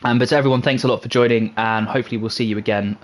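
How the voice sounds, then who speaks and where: A man's voice: mid-range voice, steady tone. A man giving upbeat post-race commentary, reading out the finishing order and thanking viewers. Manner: upbeat, reads results in a quick list.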